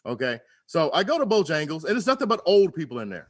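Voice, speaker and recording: A man's voice: on the high side, sing-song, fast, breathy edge. A man who is a regular on a radio show, ranting in a profane, comic way during casual podcast chat.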